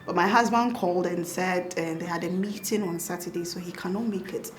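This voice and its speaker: A young woman doctor with a Ghanaian accent, telling lively stories in a casual interview and laughing often. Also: on the low side, brisk, a little hiss or hum. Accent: Ghanaian English. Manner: animated, laughing, acts out quotes. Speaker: pediatric doctor and mother, guest.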